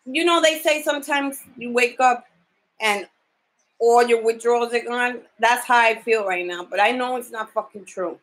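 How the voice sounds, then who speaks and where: A woman with a fairly high voice records a casual video diary about her caregiving job. She sounds tired from too little sleep. She talks bluntly and swears freely as she vents. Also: moderate pace, a bit bright, poor audio. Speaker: home caregiver.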